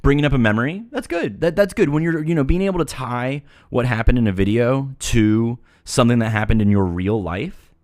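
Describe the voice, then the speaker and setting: A man's voice: mid-range voice, fairly quick, darkish tone, no echo, clean studio sound. A man giving mock-serious commentary on a video, lecturing earnestly with playful asides. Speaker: video reviewer.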